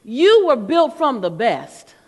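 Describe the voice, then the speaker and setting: A woman's voice: on the high side, sing-song, slow pace, big-room sound, heavily acted. A woman voicing her elderly grandmother, who lovingly but firmly coaxes a tired teenager not to quit and repeats her lesson. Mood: urging.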